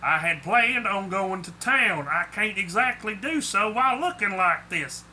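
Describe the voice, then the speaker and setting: A man voicing a grumpy male Sasquatch who lives in a trailer park, speaking gruffly and curtly. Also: extremely high pitch, very animated, moderate pace, pushed and bright, slight background noise, voice pushed up, exaggerated voice. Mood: angry.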